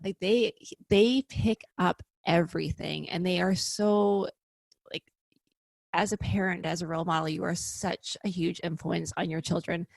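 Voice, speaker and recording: Sex: woman. Pitch: low, gravelly. Role: chatty podcast guest. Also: moderate pace, no echo. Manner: lively, chatty, frequent "like" asides. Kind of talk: casual conversational interview.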